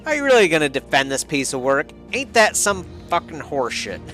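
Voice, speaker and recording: A man plays a crude horse owner in a gritty medieval game. His insults come slow, coarse and drawling. The voice is pitched a little above an ordinary man's, with faint music underneath. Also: big pitch swings, a bit bright. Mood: scornful.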